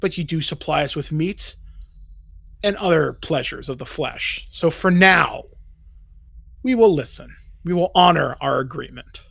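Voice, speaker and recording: A man's voice: on the high side, animated, a little slow, creaky, a bit bright, breathy edge, no echo, heavily acted. A man voicing a proud, menacing male orc mercenary who speaks in a formal, threatening way.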